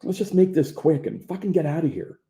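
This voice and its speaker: A man voicing his calm, cool young friend who speaks evenly. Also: on the high side, brisk, voice pushed up, natural voice. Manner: cool and level.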